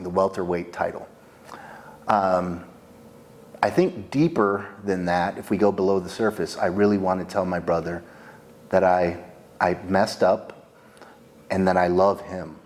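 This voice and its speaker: Slow-talking low-voiced man. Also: darkish tone. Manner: reflective, halting. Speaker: attorney in a workshop. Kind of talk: explaining a monologue exercise.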